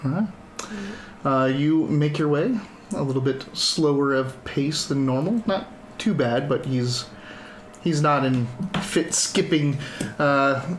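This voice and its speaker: A man's voice: medium pitch, slow pace, reverberant, slight background noise. A man running a tabletop game as dungeon master, who laughs easily and rambles with fillers. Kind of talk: casual tabletop game narration.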